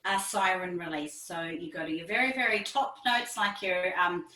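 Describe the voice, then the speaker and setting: A woman's voice: lowish voice, normal speed, pushed and bright, reverberant, far from the mic, slight background noise, low-quality recording. A woman vocal coach explaining technique in a conversational interview, with many fillers and frequent laughs.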